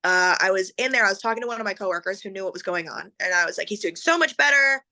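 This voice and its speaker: A woman guest telling a personal story in a lively way, acting out the voices of the people she quotes. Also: medium pitch, racing. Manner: animated, acts out quoted voices.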